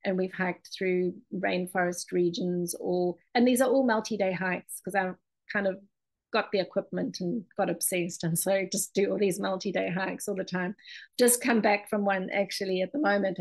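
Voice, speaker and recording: Gravelly woman presenting. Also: medium pitch, poor audio. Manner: chatty, loose, with many ums and restarts. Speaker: ceramic and mosaic artist presenting her work. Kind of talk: presentation talk.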